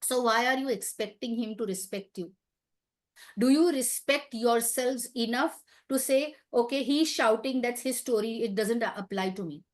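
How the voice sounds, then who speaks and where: Lady teaching a group, talks emphatic and chatty, asks lots of questions, bit high voice. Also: moderate pace. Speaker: wellness talk speaker. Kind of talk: light-hearted teaching talk.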